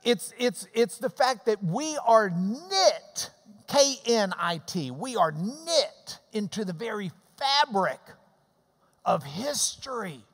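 A man preaching an expository sermon, emphatic, with quiet asides and sudden loud stresses, often repeating words as he explains. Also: sits high, sing-song, slow. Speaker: pastor. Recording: preached in a hall with long reverb.

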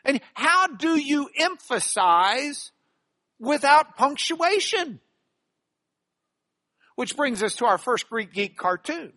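A middle-aged man teaching a Bible class in a lively lecture style, animated and jokey, with playful asides. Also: very high-pitched, slow, pauses often.

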